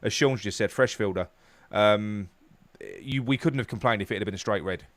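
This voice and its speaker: A man's voice: lowish voice, normal speed, no room sound. Stammering man hosting football talk. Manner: hesitant, repeats words, runs the discussion. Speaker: podcast host. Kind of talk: casual football chat.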